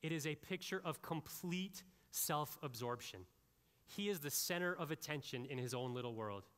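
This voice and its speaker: A man preaching in a bright, forceful voice, a little higher than most men's. His delivery is animated and conversational, full of asides to the congregation. The sound carries a long hall reverb. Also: normal speed, clean tone. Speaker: pastor. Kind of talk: sermon.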